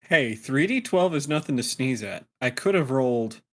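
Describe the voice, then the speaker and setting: A relaxed man at a tabletop game table, describing what his character does. He talks at an ordinary pitch, hesitating with plenty of ums along the way. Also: normal speed. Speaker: player.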